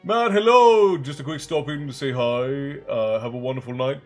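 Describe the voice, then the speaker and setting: A man's voice: mid-range voice, steady tone, normal speed, darkish tone, faint music behind. A man hosting a casual live stream, chatting loosely with viewers, reading out their messages and thanking them by name. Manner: chatty, reads chat aloud and thanks viewers.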